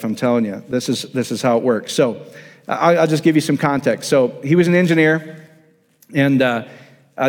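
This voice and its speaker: A man's voice: mid-range voice, darkish tone, big-room sound. A man preaching a sermon, emphatic and repetitive, often restarting his sentences. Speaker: pastor.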